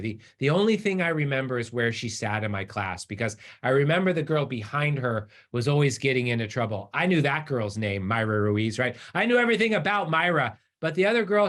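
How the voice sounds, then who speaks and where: Middle-aged guy giving a keynote, animated storyteller, normal pitch. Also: brisk, hardly any pauses. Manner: animated storyteller, acts out voices in quotes. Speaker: keynote speaker.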